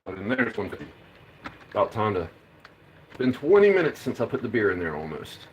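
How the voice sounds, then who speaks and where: A man's voice: on the low side, sing-song, a little fast, reverberant, a little hiss or hum, low-quality recording. A man live-streaming his home beer brewing, chatting casually, rambling and swearing as he works in his kitchen. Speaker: homebrewing streamer.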